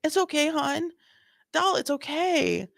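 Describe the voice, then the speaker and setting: A woman putting on a sugary, cooing voice to mock a gentle male police officer. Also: high-pitched, sing-song, slow, creaky, no room sound, studio quality, pitched above the performer's own voice, exaggerated voice. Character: mocking imitation of a soft-spoken male cop.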